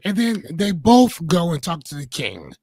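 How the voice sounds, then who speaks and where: A man's voice: a little high, measured pace, creaky, husky, no room sound. A man in his forties, co-hosting a podcast in casual chat, telling a fable loosely with small hesitations. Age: 40s. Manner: relaxed storyteller, paraphrasing a fable with hesitations. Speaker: podcast co-host.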